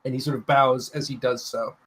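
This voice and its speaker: A game master narrating a tabletop role-playing game in a measured, descriptive way. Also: mid-range voice, fairly even intonation, fairly bright tone, slightly rough.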